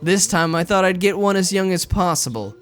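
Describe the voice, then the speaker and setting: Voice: mid-range voice, lively intonation, a little fast, fairly bright tone, natural voice. Someone reading a visual novel aloud, voicing a gaudy, brash, predatory woman in a near-plain voice.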